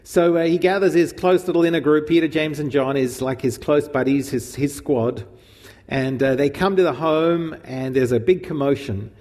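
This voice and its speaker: A preacher teaches from the Gospel in an informal, conversational sermon, animated and asking his listeners questions as he goes. His voice is on the high side at normal speed, with a long reverb tail.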